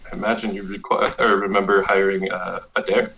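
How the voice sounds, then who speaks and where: A man's voice: low voice, flat delivery, brisk, vocal fry, pushed and bright, low-quality recording. A man playing his character in a tabletop game, hesitant and evasive, with many fillers. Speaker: player.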